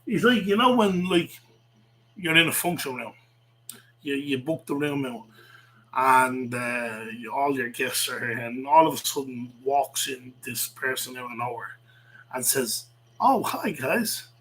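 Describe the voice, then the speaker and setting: A man's voice: mid-range voice, unhurried, sharp tone, a little hiss or hum, low-quality recording. Rambling, swearing man. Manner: profane, rambling, many fillers and restarts. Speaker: vlogger. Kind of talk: rambling rant to camera.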